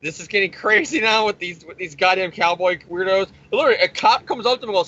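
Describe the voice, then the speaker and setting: A man with a high, bright voice rambles through a comic recap, swearing freely and dripping sarcasm. He hosts his own review show. The sound is dull and lo-fi. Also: quick pace. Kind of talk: casual profane comic recap. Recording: dull lo-fi recording.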